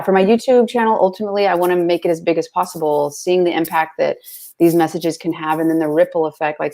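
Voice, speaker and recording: A woman's voice: deep voice, vocal fry, a little mellow. A woman guest in casual conversation, talking freely and chattily with lots of fillers. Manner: chatty, full of fillers like "like" and "you know".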